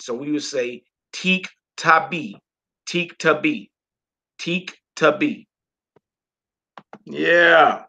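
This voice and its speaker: A man teaching a live-streamed Hebrew lesson casually, repeating words and drilling syllables slowly. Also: medium pitch, gravelly, sharp tone, rough recording.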